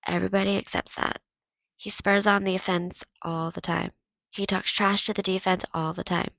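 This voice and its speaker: A woman teacher reading a novel aloud in steady first-person narration. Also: on the low side, vocal fry, no room sound, low-quality recording.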